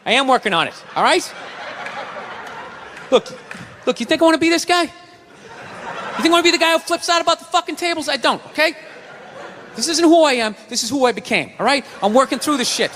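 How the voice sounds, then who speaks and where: A man works a comedy stage in a furious, profane rant, his voice pitched very high and sharp. He keeps bursting into shouts. A faint noise sits under the recording. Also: fast, long pauses, big-room sound. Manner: angry ranting, swearing, shouting bursts. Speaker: stand-up comedian. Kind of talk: stand-up comedy routine. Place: comedy stage before a laughing audience.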